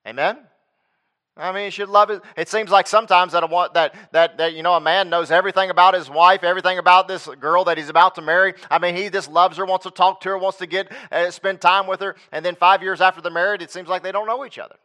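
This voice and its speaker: A man delivers a sermon in a bright, slightly high voice. He preaches emphatically, repeating phrases and circling back on his words as he goes. He often turns to the congregation for agreement. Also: fairly even intonation, fast. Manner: emphatic preaching with repetitions and restarts. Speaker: pastor.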